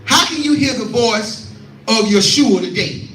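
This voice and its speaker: A man's voice: extremely high pitch, expressive, unhurried, bright, forceful tone. A man preaching a scripture teaching, repeating lines and calling out to his listeners. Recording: echoey room, voice from far off.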